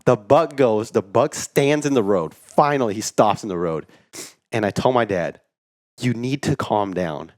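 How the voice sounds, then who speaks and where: A man co-hosting a podcast, telling a story in casual chat, animated and full of "like", acting out what people said. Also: mid-range voice, moderate pace, no echo, studio quality. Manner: animated storyteller, acts out quotes, says "like" a lot. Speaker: podcast co-host.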